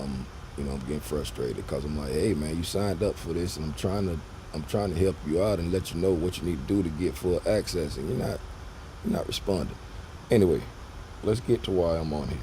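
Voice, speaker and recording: A man's voice: low-pitched, warm tone, slight background noise. A man, talking loosely and repeating himself as he walks viewers through a trading lesson on screen. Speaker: trading educator.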